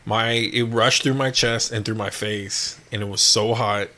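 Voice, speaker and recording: A man's voice: lowish voice, fairly even intonation, a little slow, pushed and bright. A man in casual chat, telling a story animatedly, acting out what people said and swearing freely. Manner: storytelling with lots of acted-out quotes and laughs.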